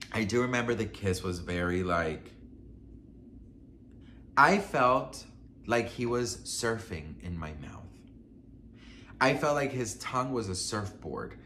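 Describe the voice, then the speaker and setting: A man's voice: mid-range voice, bright, forceful tone, slight background noise. A man telling a personal story in a casual, chatty vlog style, swearing freely and talking straight to the viewer as a friend. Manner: chatty and profane, addresses viewer as best friend. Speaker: gossip storyteller vlogger.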